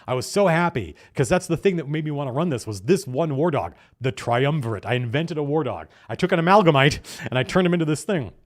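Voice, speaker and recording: Excited man recounting a tabletop game. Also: fairly high pitch, fast. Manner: excited, animated storytelling with restarts and profanity. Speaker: game master recounting a session. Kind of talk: casual campaign diary monologue.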